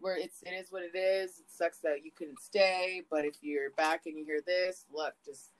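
A woman co-hosting a podcast, telling stories in casual chat, swearing a lot and swinging her pitch up and down. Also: moderate pace, rough recording. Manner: profane, animated storytelling with big swings in pitch. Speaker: podcast co-host.

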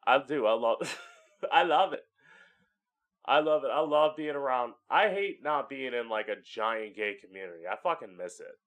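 A mid-range, slightly bright male voice, animated and at a moderate pace, carries this home-recorded solo podcast. The host is candid and chatty, swears often, and slips into acted-out voices.

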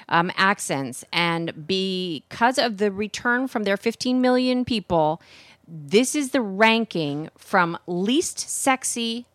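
A woman co-hosts a radio talk show and reads news items from her notes. Her delivery is plain and matter-of-fact, at a medium pitch. Her voice is close and dry on the mic. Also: fairly bright tone, no echo. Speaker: radio co-host. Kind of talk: casual radio banter, reading news items.

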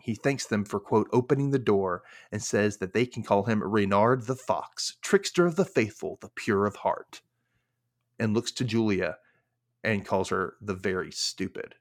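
Male podcast host, low register, loose chatty recap voice with dramatized quotes. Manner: chatty, many fillers, acts out quotes. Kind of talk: casual TV recap chat.

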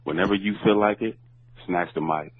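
Male voicemail caller: low voice, playful and teasing, dull lo-fi phone audio. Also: moderate pace, no echo. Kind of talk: recorded voicemail message.

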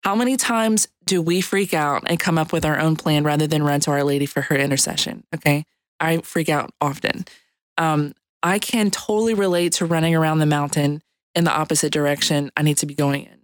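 A woman's voice: sits low, fairly quick, dry recording. A woman with a Louisiana Cajun accent giving a light-hearted, chatty devotional reflection on a podcast. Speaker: podcast contributor.

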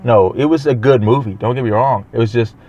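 A man co-hosting a podcast, telling stories in an animated way and laughing often. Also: medium pitch, brisk. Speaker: podcast co-host. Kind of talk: casual podcast chat. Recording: slightly dull lo-fi sound.

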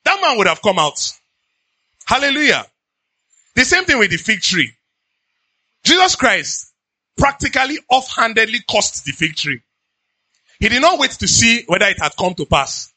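A pastor with a Nigerian accent preaching in an animated, conversational way, slipping into pidgin asides. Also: male voice, high voice, no room sound. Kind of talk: sermon.

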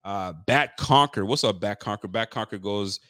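A young man hosting a casual sports podcast, telling stories with lively mimicked quotes and loose slang. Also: fairly low pitch, normal speed, dry recording, clean studio sound. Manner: loose street slang and swearing. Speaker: podcast host. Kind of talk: casual sports talk chat.

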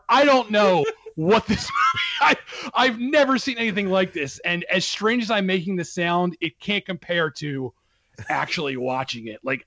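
A man in a casual film talk, speaking with excited emphasis and frequent laughter. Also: a little high, no echo, highs cut off. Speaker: film podcast co-host. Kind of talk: casual chat.

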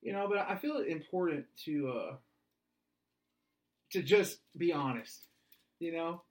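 Middle-aged male podcast co-host, slightly high-pitched, deadpan joker who quotes lyrics as answers. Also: a little slow. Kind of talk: deadpan comedic chat quoting song lyrics.

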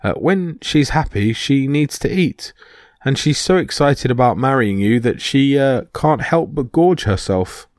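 A man voicing a sly male trickster god who puts on a high-pitched, fawning voice to pass as a bridesmaid. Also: animated, unhurried, darkish tone, no room sound, studio quality, lightly acted. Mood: flattering.

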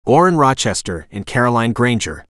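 A man's voice: mid-range voice, sing-song, moderate pace, a bit bright, dry recording, studio quality. A man reading the lines of an intense, defiant woman on the run, with a blunt, commanding way of talking. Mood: urgent, firm.

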